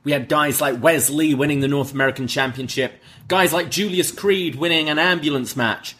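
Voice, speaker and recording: Husky-voiced man recapping wrestling. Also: on the high side, moderate pace, a bit bright. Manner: recaps the show, acting out quoted lines. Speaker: podcast co-host.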